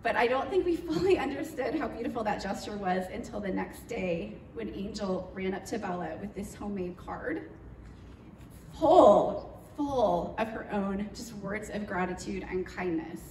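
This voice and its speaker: Speaking in a mid-range voice at a moderate pace, a mission trip leader tells her congregation the story of the trip, lively and full of fillers, acting out what people said. A distant mic in an echoey church hall catches her along with slight hiss or hum.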